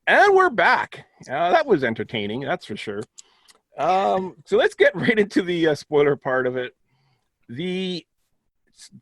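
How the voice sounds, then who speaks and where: A man of middle pitch talks through a film review in a loose, rambling way, often restarting his sentences. His voice is recorded close and dry, with no room echo. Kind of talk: casual film review chat.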